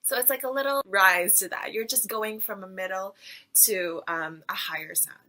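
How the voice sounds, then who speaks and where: A chatty woman teaches pronunciation in a relaxed video lesson. Her voice is bright and clear, and she keeps saying syllables aloud to demonstrate. She talks in a loose, everyday way, full of fillers. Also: medium pitch, moderate pace, rough recording. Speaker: Mandarin teacher.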